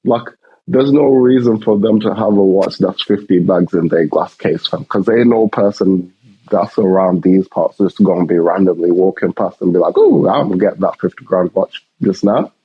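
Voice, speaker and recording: Low, raspy young man bragging. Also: normal speed, no echo, highs cut off. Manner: boastful, slangy, repeats himself. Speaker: podcast co-host. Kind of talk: casual chat.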